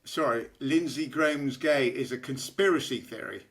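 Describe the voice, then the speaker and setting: A man's voice: medium pitch, normal speed, fairly bright tone. A British man co-hosting a podcast, speaking in a dry, wry way and chuckling as he talks. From United Kingdom. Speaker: podcast co-host. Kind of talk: casual political comedy chat.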